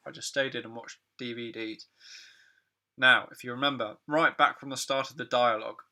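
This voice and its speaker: A man teaching English in a loose, conversational way, full of fillers and little asides. His voice is bright and forward, with a gravelly edge at the ends of phrases. He sounds like a teacher chatting through a lesson on phrasal verbs. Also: mid-range voice.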